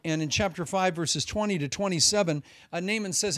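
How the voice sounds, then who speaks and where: A man preaches with a fairly high voice, his lines rising to loud emphasis and then dropping to hushed asides. The sound is dry and close, with no room around it. He speaks as a pastor delivering a Sunday sermon. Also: fairly quick, few pauses, no echo.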